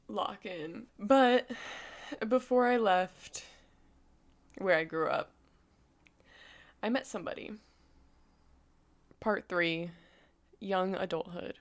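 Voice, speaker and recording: A woman in her twenties telling a personal story, emotional and casual, her voice going shaky and soft at times. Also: mid-range voice, takes it slowly, long pauses. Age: 20s. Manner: emotional, voice goes shaky and soft, casual filler-heavy talk. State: close to tears. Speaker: vlogger.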